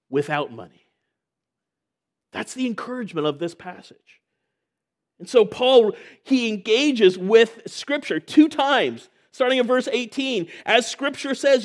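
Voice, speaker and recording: Man, high voice, sermon, conversational, joking asides, church elder. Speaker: guest preacher and church elder.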